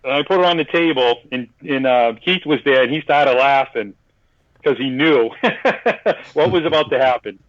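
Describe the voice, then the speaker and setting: A New England man appearing as a podcast guest tells a long, rambling story in a casual way, restarting often and acting out other people's lines. His voice is mid-range and his pace normal. The lo-fi recording has no room sound.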